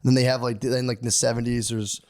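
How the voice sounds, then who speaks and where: A man's voice: medium pitch, little pitch movement, fast talker, a little mellow. A man co-hosting a podcast in casual chat, rambling and profane, laughing often and slipping into mocking voices for quotes. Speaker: podcast co-host.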